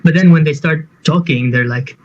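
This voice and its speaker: A young man co-hosting a podcast, telling rambling, animated stories with plenty of swearing in casual chat. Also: fairly high pitch, moderate pace. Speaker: podcast co-host. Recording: muffled lo-fi audio with faint hiss.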